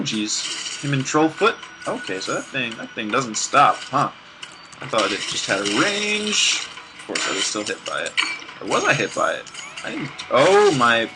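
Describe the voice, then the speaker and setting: A man's voice: medium pitch, background noise. A man casually commenting on a video game he plays, rambling off-topic with restarts and sarcastic asides. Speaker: let's play gamer. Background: game music.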